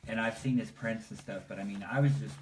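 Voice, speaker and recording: A man's voice: on the low side, quick pace. A man chatting casually about comics on a podcast, rambling with lots of fillers and laughing as he retells things. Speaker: podcast co-host. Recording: echoey room, mic at a distance, faint hiss.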